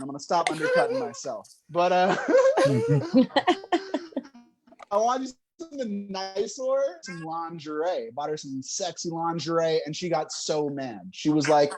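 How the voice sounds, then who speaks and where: Young male stand-up comic, animated delivery, chuckles through his set, works the crowd. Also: on the high side, a little slow. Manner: animated, laughs between jokes, crowd work. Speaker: stand-up comedian.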